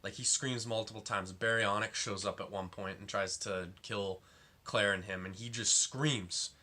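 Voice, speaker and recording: A man's voice: lowish voice, steady tone, normal speed, pushed and bright. A young man giving a casual, rambling film review, full of fillers and exasperation.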